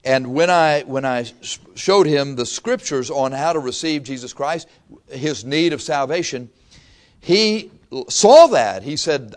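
A man preaching a sermon as pastor, slow and emphatic, drawing out his phrases for weight. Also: mid-range voice, animated. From raised Catholic.

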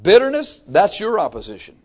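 With wildly swooping pitch and a slightly fast pace, a man preaches emphatically, swinging from low asides to shouted exhortation while reading scripture aloud and acting out his listeners' excuses.

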